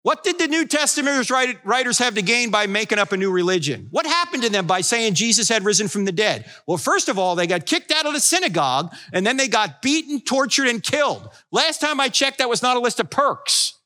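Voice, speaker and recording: Sixties male apologist with a high, bright voice; wisecracking storyteller for a room. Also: sing-song, a little fast, few pauses. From New Jersey. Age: 60s. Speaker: Christian apologetics speaker. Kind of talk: humorous live talk to an audience. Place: room with a live audience.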